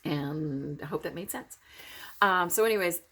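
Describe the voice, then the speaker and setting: A middle-aged woman vlogger with a lowish, fairly bright voice records a casual spiritual vlog while recovering from illness and feeling foggy-headed. At a normal speed, she rambles heartfeltly, with many fillers and restarts.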